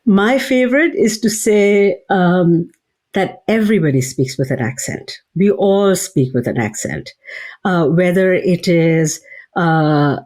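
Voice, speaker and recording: Slow, measured woman professor. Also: on the low side, a little mellow. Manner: thoughtful, measured, many fillers and restarts. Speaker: psychology professor and author, guest. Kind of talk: interview answers.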